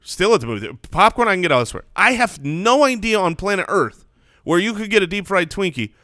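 A man's voice: high voice, big pitch swings, fast, pushed and bright, no echo, clean studio sound. A man in his thirties co-hosting a comedy podcast, joking animatedly and talking over his friends. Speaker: podcast co-host. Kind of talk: casual comedy podcast banter.

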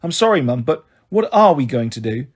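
A man's voice: medium pitch, very animated, a little fast, breathy edge. A man voicing a brave, anxious young girl who pleads and reassures her family.

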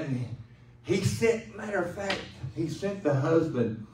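A male pastor preaching a sermon in a loose, conversational way, joking and pausing for the congregation to answer. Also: a little high, animated, a little mellow, roomy sound, distant mic, slight background noise, rough recording. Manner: conversational, joking, with call-and-response. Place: church sanctuary.

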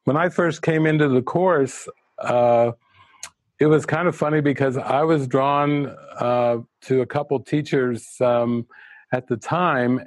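A man giving an earnest, reflective retreat talk as a spiritual teacher, slowing down to stress key words. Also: medium pitch, a little mellow, no echo.

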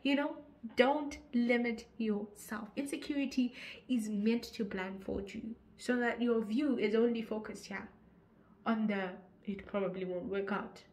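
A woman's voice: a little high, fairly even intonation, a little slow. Young Zimbabwean woman giving pep talk. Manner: earnest, preachy, rising to forceful urging. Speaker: YouTuber. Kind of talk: motivational vlog talk.

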